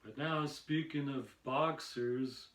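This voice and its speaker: A man rambles through an amateur stand-up set, slow and unhurried, with long pauses and lots of fillers between phrases. His voice sits at an ordinary pitch and is recorded in a noticeably echoey room. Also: a bit bright. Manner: halting, meandering, with many pauses and fillers. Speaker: amateur stand-up comedian and podcast host.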